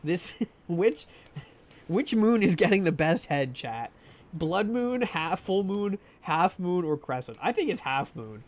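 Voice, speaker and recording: Gaming live from home, a man talks to his viewers through a desk microphone in a high voice with big pitch swings and a slow pace. The chat is casual, and he jokes about himself and laughs a lot.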